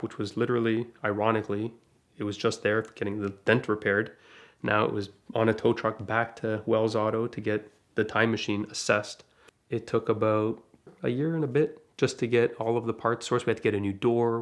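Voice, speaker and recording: A man telling a casual first-person story about crashing his car, chatty and lively, with asides and small laughs. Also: lowish voice, vocal fry. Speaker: DeLorean rental owner telling a crash story.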